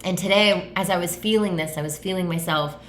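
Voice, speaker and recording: A woman's voice: fairly low pitch, brisk, a little hiss or hum. A woman hosting her own podcast, talking in a rambling, effusive way, filling her sentences with "like" and swearing casually. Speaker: podcast host, tattoo artist and coach. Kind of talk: casual solo podcast monologue. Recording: echoey room.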